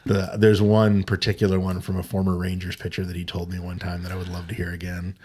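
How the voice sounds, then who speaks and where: He is a male podcast co-host with a fairly low voice. He chats in a loose, joking way. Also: completely flat delivery, fast talker, mellow, slightly rough. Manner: joking, chatty. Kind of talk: casual chat.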